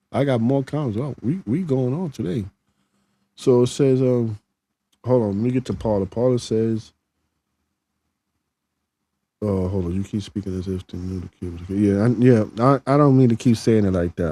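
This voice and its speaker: Reading viewer comments on his live show, this middle-aged host speaks plainly and chattily, restarting frequently. He has a lowish, dark-toned voice and talks a little fast.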